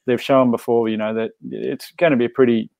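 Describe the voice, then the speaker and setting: Gravelly man, reflective. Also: mid-range voice, steady tone, brisk, darkish tone, dry recording. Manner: reflective, thinks aloud with restarts. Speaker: podcast guest, former pro cyclist. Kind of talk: casual chat.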